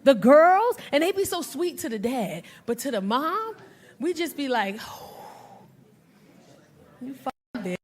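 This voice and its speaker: A middle-aged woman performs stand-up on a club stage in a high, sing-song, slightly mellow voice at a moderate pace. She works the crowd with brash, profane teasing, and live audience laughter can be heard.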